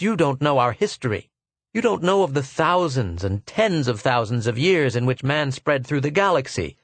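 A man's voice: medium pitch, dry recording, close to an everyday voice. A man voicing an earnest, persuasive male scholar of a galactic empire, speaking with emphatic, rising force.

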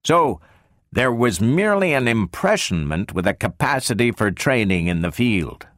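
A man reading a brisk, impatient general. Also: medium pitch, big pitch swings, fairly bright tone, no room sound, studio quality, pitched above the performer's own voice. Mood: explaining. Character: irritable male general in charge. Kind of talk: audiobook character reading.

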